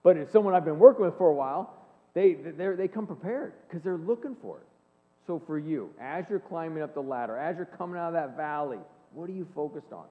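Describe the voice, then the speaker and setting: A man in his forties giving an earnest, animated faith-based talk, telling personal stories to an audience in a large hall. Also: fairly high pitch, brisk. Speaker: speaker and leadership coach. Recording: long hall reverb, phone-like band.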